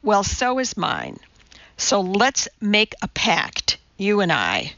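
A woman's voice: mid-range voice, huge pitch swings, slow, gravelly, a bit bright, no room sound, muffled recording, heavily acted. A woman voicing a blunt, serious woman who hosts a cooking show, speaking sternly and directly.

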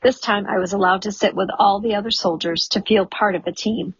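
A woman narrating a first-person memoir audiobook in a measured, wry storytelling manner, in a dull, lo-fi recording. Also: medium pitch, steady tone, husky, no echo. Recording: dull lo-fi studio recording, dry.

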